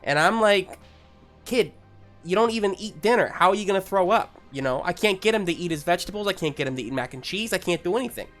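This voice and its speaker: A man's voice: high voice, expressive, fast, fairly bright tone, faint music behind, pitched above the performer's own voice. A man voicing a gossipy, tired woman nurse in her fifties, chatty and complaining in a tabletop role-play.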